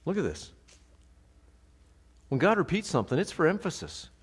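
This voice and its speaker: A pastor teaching a sermon in a conversational, animated way, asking the congregation rhetorical questions. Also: male voice, on the high side, moderate pace, breathy edge, long reverb tail.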